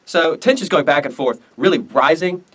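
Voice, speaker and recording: A teenage student presenter casually explaining history in a loose, rambling, slangy way. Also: male voice, on the high side, lively intonation, moderate pace, slightly rough, far from the mic.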